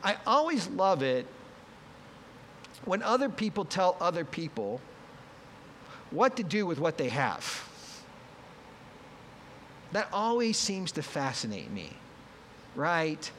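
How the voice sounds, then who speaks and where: Male pastor, slightly high voice, conversational sermon delivery that acts out the quotes, long hall reverb. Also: sing-song, slow pace, pauses often, a bit bright, a little hiss or hum. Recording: long reverb, faint ambience.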